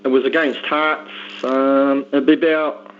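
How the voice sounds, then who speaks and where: A man's voice: medium pitch, little pitch movement, a little slow, clear, resonant tone. A man calling in to a fan radio show, chatty and friendly, often restarting his sentences. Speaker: caller. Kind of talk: casual phone-in chat. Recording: dull lo-fi phone line.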